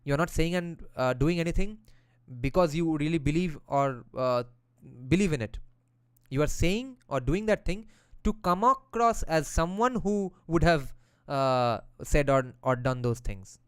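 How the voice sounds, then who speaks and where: A man's voice: fairly high pitch, lively intonation, a little slow, smooth, no room sound. A man who reads passages from a philosophy text aloud and explains them in a casual way, using slang and the odd swear word.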